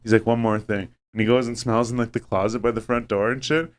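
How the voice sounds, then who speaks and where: A man's voice: medium pitch, quick pace. A man on a podcast telling a long, profane story in a casual chat, acting out the voices of the people in it. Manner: profane, animated, acts out quoted voices. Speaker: podcast host.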